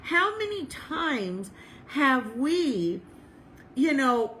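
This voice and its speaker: Woman chaplain, casual storytelling preacher, laughs a lot, higher voice, faint background hiss. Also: rough recording. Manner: bubbly, laughs often, animated impressions; slow, measured recitation of prayers and scripture. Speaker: chaplain and reverend leading a service.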